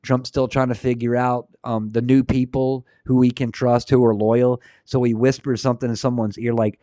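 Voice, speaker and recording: A man's voice: medium pitch, fairly even intonation, brisk, hardly any pauses, mellow, no room sound, studio quality. A man hosting a Christian livestream, talking earnestly and then leading a prayer, often repeating words as he starts a sentence. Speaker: host of a Christian livestream show. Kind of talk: casual livestream commentary and prayer.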